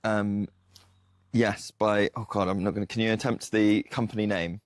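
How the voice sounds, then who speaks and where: A man's voice: lowish voice, steady tone, moderate pace, no room sound, clean studio sound. A man co-hosting a podcast, chatting casually in a kitchen, rambling and joking at his own expense. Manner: rambling, self-mocking and jokey, full of "like". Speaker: podcast co-host. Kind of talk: casual chat.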